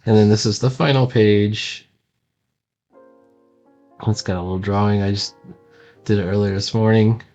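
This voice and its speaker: A man's voice: lowish voice, fairly even intonation, normal speed, pauses often, darkish tone, soft background music. A man casually touring his own sketchbook as a cartoonist, rambling and self-deprecating, with lots of ums.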